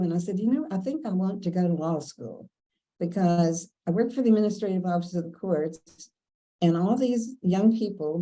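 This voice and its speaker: Over poor audio, an older Kentucky woman with a lowish, mellow voice shares casual stories from her working years. She's chatty and anecdotal as the interviewee, voicing other people's lines in the dialogue herself.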